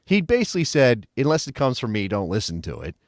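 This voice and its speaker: A man co-hosting a casual sports podcast chat, jokey and animated, laughing often. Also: medium pitch, fast talker, no echo, studio quality. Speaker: co-host.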